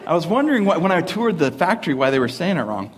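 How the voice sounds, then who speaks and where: A young adult man, a pastor, preaching a sermon at a church service, mixing lively family stories and laughter with earnest points. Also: a little high, fast talker, very noisy. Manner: animated, laughing storyteller who then turns earnest. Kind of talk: sermon with humorous storytelling.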